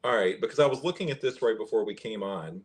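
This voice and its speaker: A man's voice: lowish voice, expressive. A man hosting a podcast, reading fact checks aloud and commenting in a conversational way. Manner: conversational, pauses and restarts while reading aloud. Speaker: podcast host.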